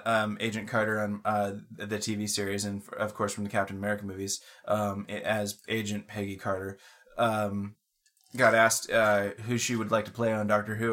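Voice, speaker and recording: Low-voiced man rambling on a podcast. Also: a bit bright. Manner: rambling, lots of ums and restarts, swears casually. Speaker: podcast co-host. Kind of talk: casual podcast chat.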